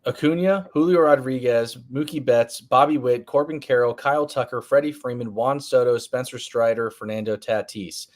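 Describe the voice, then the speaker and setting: A man's voice: mid-range voice, normal speed, few pauses. A man co-hosting a live fantasy baseball show, answering viewer questions in casual talk full of ums and restarts. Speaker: fantasy baseball podcast co-host. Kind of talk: casual live-stream chat.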